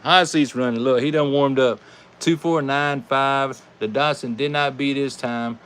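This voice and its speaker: A man with a Southern American accent calls toy car races live, folksy and animated. His voice sits at an everyday middle pitch, and he talks straight to his viewers like old friends. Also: measured pace, a little hiss or hum. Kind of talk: live race commentary.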